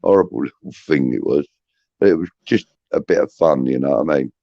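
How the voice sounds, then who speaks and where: A man's voice: extremely low pitch, a little fast, creaky, mellow, no echo. A middle-aged man, hosting a podcast and rambling through chatty, swear-laden anecdotes. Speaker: podcast host. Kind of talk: casual storytelling. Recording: dull, muffled audio.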